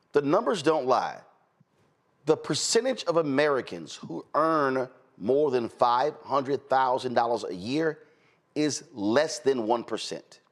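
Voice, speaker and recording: A middle-aged man from Houston hosting a talk show, arguing his point in an emphatic, opinionated way. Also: mid-range voice. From Houston, Texas. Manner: emphatic, argumentative, animated.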